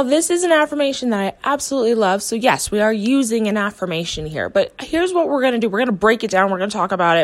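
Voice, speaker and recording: Encouraging woman hosting a self-help podcast. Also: sits high. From United States. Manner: earnest, encouraging, voices the listener's inner thoughts. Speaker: podcast host and coach. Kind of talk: motivational podcast talk.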